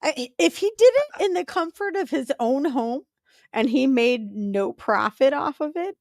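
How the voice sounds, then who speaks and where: A woman co-hosting a casual talk show, answering with wry, quick quips. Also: high-pitched, expressive, no echo, studio quality. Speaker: co-host. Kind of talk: casual banter.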